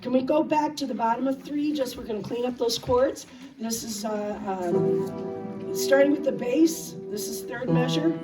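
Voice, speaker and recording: A woman directs a large choir in a rehearsal hall, brisk and chatty and quick to laugh. Her voice sits a little high and comes from well off the mic. Loud choral singing and guitar fill the room behind her. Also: distant mic. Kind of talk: rehearsal instruction.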